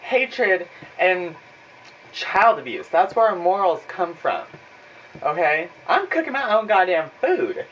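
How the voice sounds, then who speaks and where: A man's voice: high voice, slow pace. Young dude vlogging from his kitchen, sarcastic and cussing nonstop, dull phone audio, faint hiss behind. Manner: profane, animated, sarcastic. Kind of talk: casual ranting storytime. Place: home kitchen. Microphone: phone camera.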